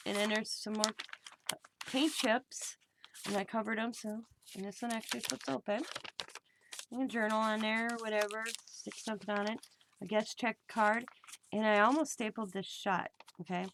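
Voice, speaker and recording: A woman's voice: mid-range voice, fairly even intonation, moderate pace, background noise. A middle-aged woman hosting a crafting video, chatting casually and telling rambling stories at her craft table at home. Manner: rambling storytelling with reported dialogue. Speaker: crafting channel host.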